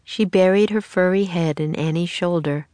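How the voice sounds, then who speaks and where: A woman narrating a children's storybook aloud in a steady, expressive way. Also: fairly low pitch, moderate pace, smooth, dry recording.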